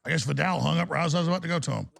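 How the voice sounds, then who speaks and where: A man hosting a talk radio show, ranting through a heated monologue. His voice is pitched fairly high and carries a heavy gravelly rasp. His delivery is forceful and agitated. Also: rapid-fire.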